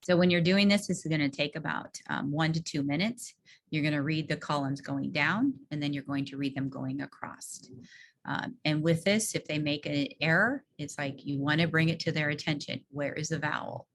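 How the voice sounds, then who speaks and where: Low-voiced woman leading a teacher workshop. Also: moderate pace, a little hiss or hum. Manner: explains step by step, models classroom prompts. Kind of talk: online teacher training presentation. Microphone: video call microphone.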